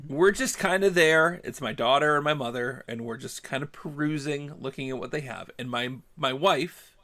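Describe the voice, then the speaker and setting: Male podcast host, storyteller, slightly higher voice, acts out the lines. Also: moderate pace. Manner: animated, acts out dialogue, gets heated. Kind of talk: casual storytelling chat.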